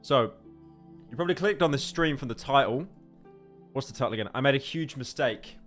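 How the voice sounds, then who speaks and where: A man's voice: mid-range voice, expressive, fairly quick, fairly bright tone. A man streaming live from his home setup, joking and rambling, often stammering and repeating words into a desk microphone. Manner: joking, sarcastic. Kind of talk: casual livestream chat. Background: faint game music.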